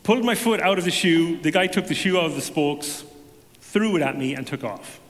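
A man giving a personal testimony to a congregation, telling it as an animated story with self-deprecating humor. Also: a little high, brisk, long reverb tail.

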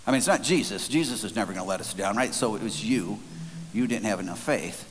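With a lowish voice, lively intonation and a quick pace, a man tells a story from the pulpit in an earnest, conversational way, frequently starting over. Faint hiss and long hall reverb run through the recording.

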